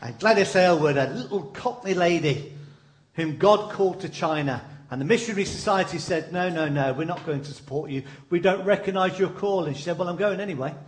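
A man delivering a sermon with a high-pitched voice. He tells stories animatedly and leans into dramatic pauses. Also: a little hiss or hum. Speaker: preacher.

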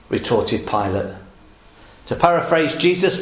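A man preaching with a lively, swooping delivery, dramatizing each quotation. His voice sits a little high for a man, and the room around him rings with echo. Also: a little slow. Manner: dramatic, acts out quoted lines. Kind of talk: sermon. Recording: echoey room.

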